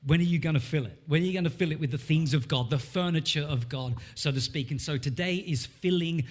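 A male pastor preaching a sermon in a church, animated and rising in emphasis when he reads scripture. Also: a little high, fairly quick.

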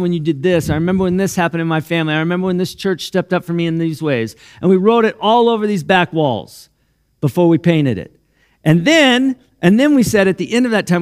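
Pastor, man, slightly raised pitch; chatty, heartfelt sermon delivery full of restarts. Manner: conversational, restarts often, gets emotional and laughs. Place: church sanctuary.

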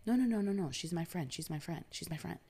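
A man's voice: on the high side, quick pace, vocal fry, dark tone, breathy edge, pitched above the performer's own voice. A woman putting on the voice of an aggressive man who repeats himself insistently.

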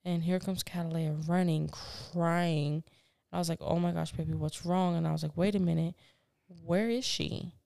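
A woman's voice: on the low side, steady tone, moderate pace, gravelly, warm tone, no echo, studio quality. A woman co-hosting a casual podcast, telling stories in a candid, profane, laughing way. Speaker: podcast co-host. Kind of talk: casual chat.

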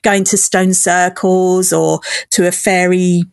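A woman's voice: on the low side, flat delivery, slow, gravelly, a little mellow, clear, resonant tone, no room sound, studio quality. A woman talking in a casual interview, bubbly and enthusiastic, often breaking into giggles. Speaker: podcast guest, festival organizer.

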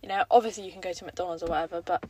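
A woman's voice: fairly low pitch, fairly even intonation, rapid-fire, noisy background. A young woman hosting her own podcast, rambling through casual, self-mocking chat about her day. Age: young adult. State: croaky throat; a bit out of breath. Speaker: podcast host.

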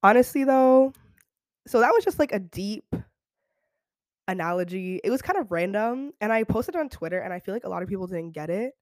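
Young woman host, solo podcast, chatty and slangy, mid pitch, dry close sound. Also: fairly quick, no room sound. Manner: animated, slangy, keeps checking in with "okay?". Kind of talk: casual solo podcast chat.

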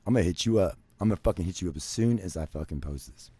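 A man's voice: animated, very fast, slightly rough, no echo. Foul-mouthed man ranting, dry close sound. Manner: crude, swears constantly, many fillers like "you know"; swings from loud ranting to low muttering. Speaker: vlogger. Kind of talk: profane rambling storytelling.

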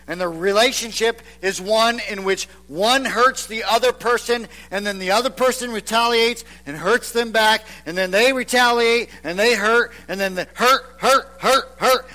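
A man preaching a sermon as a pastor, dropping to hushed, near-whispered lines for emphasis and acting out the voices of reluctant listeners. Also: high voice. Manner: acts out the voices of reluctant churchgoers.

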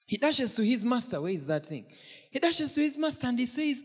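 Brief: preacher, husky, very expressive pitch, playful and questioning, reverberant hall. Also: a little fast. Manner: animated, asks the congregation questions, jokes and laughs. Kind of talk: sermon. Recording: long church-hall reverb.

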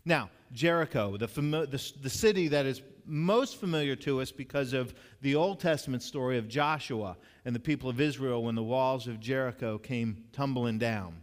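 A man's voice: medium pitch, normal speed, few pauses. A man preaching a sermon as pastor, reading scripture and speaking in a conversational way with many restarts. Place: church sanctuary. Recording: church hall reverb.

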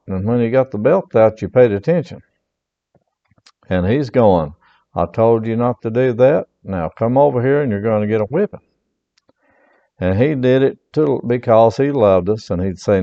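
A man's voice: on the low side, mellow. A middle-aged man preaching a sermon as pastor, reading scripture aloud and explaining it in a folksy, repetitive way. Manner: folksy, repeats himself, reads scripture aloud. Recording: dull muffled sound with long reverb.

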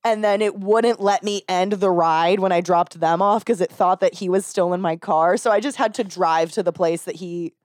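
A woman's voice: fairly low pitch, normal speed, few pauses, dry recording, clean studio sound. A young woman, a rideshare driver, telling a story in casual chat and acting out the people in it. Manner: animated, acts out quoted voices with laughter.

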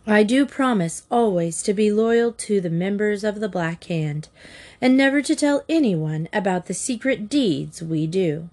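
A bold, headstrong girl who leads her secret club with earnest drama, as a woman reads her lines. The delivery is slow and measured, as in a storybook. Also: mid-range voice, lively intonation, a little mellow.

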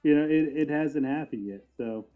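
A man's voice: a little high, moderate pace, soft background music. A man co-hosting a podcast, chatting casually about wrestling, thinking aloud with fillers and laughing often. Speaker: podcast co-host. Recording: tinny phone-like sound.

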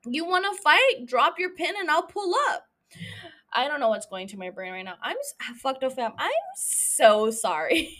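A young woman with a high voice hosts a casual podcast recap, rambling from thought to thought. She swears freely and pokes fun at herself. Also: fairly bright tone. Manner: rambling, profane, self-mocking, prone to laughing asides. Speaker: podcast host.

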